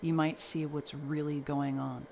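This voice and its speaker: A man's voice: fairly high pitch, flat delivery, a little slow, gravelly, a little mellow, slight background noise. A man doing a smug, brainwashed mother. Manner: cold, arrogant, preachy. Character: cult-brainwashed mother, adult woman, smug.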